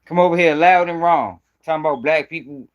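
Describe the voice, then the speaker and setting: Host, male, high-pitched voice, confrontational and profane. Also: a little fast, muffled recording. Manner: confrontational, profane, slangy, repeats himself. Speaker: host of a news commentary channel. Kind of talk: heated live-stream commentary.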